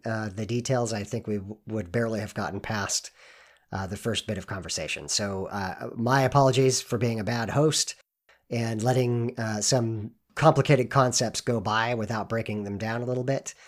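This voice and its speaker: A man hosting a podcast, talking in an earnest, measured way with frequent filler words. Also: medium pitch, fairly even intonation. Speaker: podcast host. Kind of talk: podcast introduction and interview.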